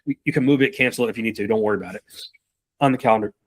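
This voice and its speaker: A man giving a live sales training talk to a room, casual and profane, acting out quick dialogues between reps, buyers and bosses. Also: lowish voice. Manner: animated, profane, acts out buyer and rep dialogue.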